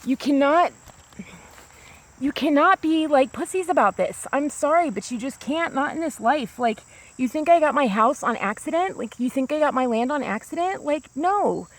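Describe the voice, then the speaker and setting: A woman from the United States, her voice sitting high and expressive at a moderate pace, addresses a small camera on a grassy hill outdoors. It's a rambling, casual vlog monologue full of "like" and restarts.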